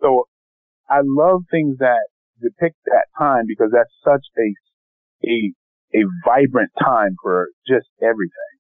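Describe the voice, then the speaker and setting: A man's voice: mid-range voice, slow pace, no echo. Enthusiastic man over a tinny line. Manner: enthusiastic, emphatic. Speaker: actor guest. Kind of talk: interview answers.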